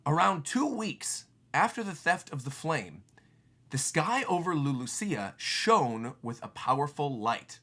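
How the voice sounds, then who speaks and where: A man reading the lines of an elderly male genius scientist, slow and solemn, full of regret. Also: fairly high pitch, big pitch swings, bright, forceful tone, heavily acted.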